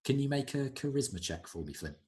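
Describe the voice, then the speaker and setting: A man narrating as game master, describing scenes in an unhurried, descriptive way. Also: medium pitch, big pitch swings, noisy background.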